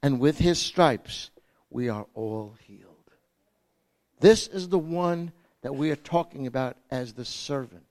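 A man preaching a sermon with slides, dramatic, swinging from loud emphasis to hushed, soft passages. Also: medium pitch, unhurried.

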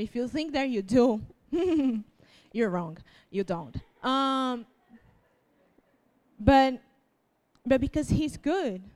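Young woman, fairly high voice, slow and halting, tearful personal testimony from the pulpit. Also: a little mellow. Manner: halting, restarts often, laughs through tears. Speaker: youth preacher. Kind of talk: emotional testimony sermon.

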